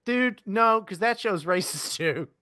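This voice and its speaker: Bright, lively-voiced profane podcast co-host man. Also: high voice, no room sound, clean studio sound. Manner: rambling, profane, quick to laugh. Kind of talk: casual podcast banter.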